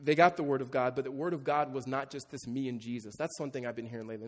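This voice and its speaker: A middle-aged pastor with a steady, mid-range voice preaches a sermon at rapid-fire speed, conversational and joking with his congregation. The long reverb of a large hall carries his words.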